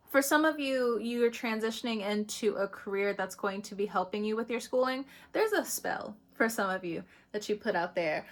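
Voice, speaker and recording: A woman giving a casual spiritual astrology reading to the camera, chatty, swearing freely and laughing often between phrases. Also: a little high. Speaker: astrology reader.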